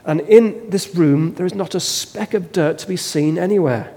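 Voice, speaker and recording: Male preacher, slightly high voice, unhurried dramatic storytelling, big reverberant hall. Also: warm tone. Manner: slow, dramatic storytelling delivery. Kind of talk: sermon. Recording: long reverb of a large hall.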